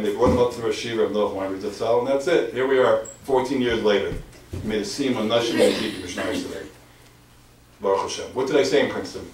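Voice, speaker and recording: A man, a rabbi, giving an animated storytelling lecture, mixing in Hebrew and Yiddish terms and hammering his points home by repeating them. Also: fairly low pitch, fast talker. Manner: emphatic, repeats key phrases. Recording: echoey hall from far off, faint noise.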